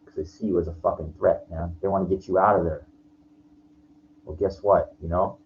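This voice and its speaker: A man in his forties with a lowish voice vents in a rambling, profane personal rant. He restarts his sentences again and again, and the recording is lo-fi with faint noise underneath. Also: flat delivery, normal speed. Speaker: vlogger. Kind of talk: frustrated personal rant to camera.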